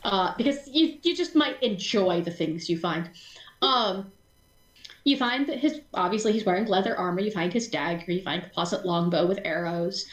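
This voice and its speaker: A woman narrating as game master of a tabletop role-playing session, animated, laughing often and stumbling over restarts. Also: medium pitch, normal speed, reverberant, low-quality recording.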